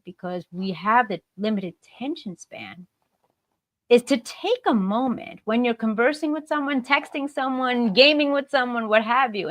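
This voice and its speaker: Brief: American woman guest speaker, animated, higher voice, dry video-call sound. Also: dry recording. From United States. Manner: animated, acts out example remarks in varied tones. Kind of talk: motivational talk on a live stream.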